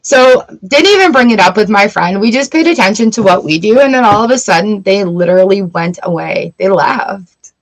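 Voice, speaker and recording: A woman's voice: mid-range voice, lively intonation, normal speed, low-quality recording. A middle-aged woman hosting a casual live tarot reading, chatty and given to giggling as she talks to viewers. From Canada. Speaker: tarot reader livestream host.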